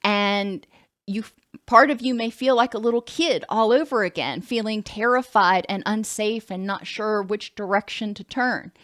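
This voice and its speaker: A woman's voice: medium pitch, a little slow, fairly bright tone, dry recording, studio quality. A woman counselor giving a conversational lecture, sometimes stopping to correct herself. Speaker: licensed counselor.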